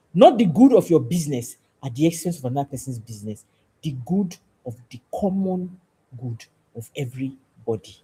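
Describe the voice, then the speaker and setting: A woman's voice: low voice, dark tone, slightly rough. A woman, hosting a show and giving an emphatic, preachy talk that repeats phrases for stress. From Nigeria. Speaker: podcast host. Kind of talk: passionate civic talk to camera.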